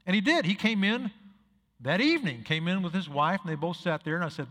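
A man's voice: a little high, animated, fast, a bit bright, long reverb tail. A male pastor preaching a sermon, telling stories and acting out the dialogue, building to emphatic peaks. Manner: storytelling, acts out dialogue, rises to emphatic peaks.

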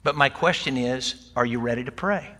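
A man's voice: medium pitch, normal speed, bright, forceful tone. An older man preaching a sermon to his congregation in a folksy, conversational way, mixing in light humor. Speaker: pastor. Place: church sanctuary. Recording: long hall reverb.

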